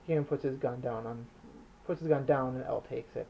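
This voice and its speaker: A man reads his own novel aloud in a plain, unpolished way, stumbling and restarting now and then. His voice is gravelly and sits slightly high for a man. The recording sounds dull and lo-fi. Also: fairly even intonation, fairly quick, slight background noise. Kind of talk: audiobook narration.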